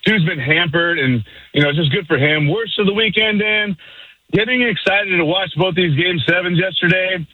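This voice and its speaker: A man's voice: high voice, no echo. A man calling in to a sports radio show, hyped and slangy. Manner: hyped, slangy, rapid-fire. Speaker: caller. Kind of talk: energetic call-in. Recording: muffled phone call.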